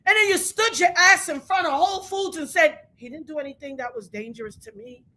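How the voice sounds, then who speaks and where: A woman giving an angry, tearful commentary rant, shouting, cursing and praying aloud in between. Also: extremely high pitch, expressive, a little fast. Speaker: commentary vlogger.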